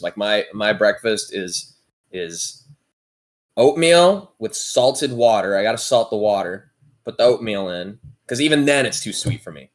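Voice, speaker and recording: A man's voice: medium pitch, expressive, normal speed. A man co-hosting a podcast, telling a story in a laid-back, casual way with plenty of swearing. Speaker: podcast co-host. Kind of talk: casual chat.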